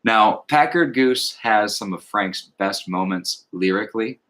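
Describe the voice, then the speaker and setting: A man with a fairly low voice talks through an album with a co-host. He is reflective and thoughtful, and he slows into a measured cadence when he recites lyrics. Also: expressive, a bit bright. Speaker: podcast co-host. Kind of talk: casual music discussion.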